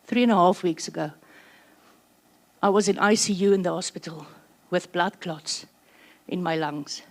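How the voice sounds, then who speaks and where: A slightly breathless woman with a South African accent presents at a workshop in a somewhat low voice. She keeps things chatty and drops in quick joking asides. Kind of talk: conference presentation.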